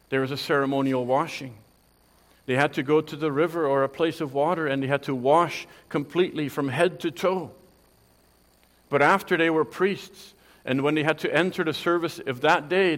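A man's voice: a little high, in a large hall. A man preaching a sermon, earnest and emphatic, often restarting his phrases as he explains scripture. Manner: earnest, with frequent restarts and emphatic quoted lines.

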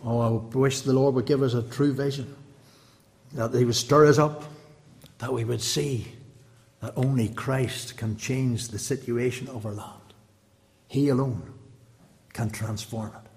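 A man's voice: medium pitch, steady tone, measured pace, gravelly, pauses often, a little mellow. Impassioned preacher man, long hall reverb. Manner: impassioned, pleading rhetorical questions. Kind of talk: evangelistic sermon.

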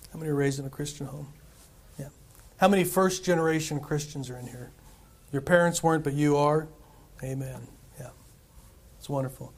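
Middle-aged pastor preaching in a higher voice. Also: male voice, moderate pace, long pauses. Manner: conversational preaching with rhetorical questions to the congregation. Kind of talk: sermon. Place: church sanctuary.

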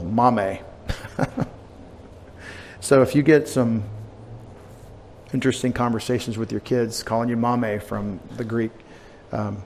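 A pastor giving a conversational, digressive sermon, with asides and restarts. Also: male voice, medium pitch. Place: church sanctuary. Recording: long church reverb, faint room noise.

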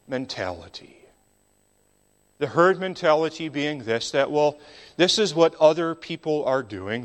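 Slow-talking guy preaching a sermon, emphatic, drops almost to a whisper sometimes. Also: medium pitch.

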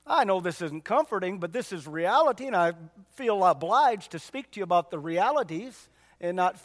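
Male pastor, unusually high pitch, folksy repetitive preaching, reverberant hall. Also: animated, normal speed. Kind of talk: sermon. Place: church.

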